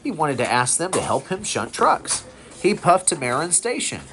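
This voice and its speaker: A father reading a picture book aloud to his son, expressive with small slips. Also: fairly high pitch, moderate pace, slight background noise. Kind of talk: bedtime storybook reading.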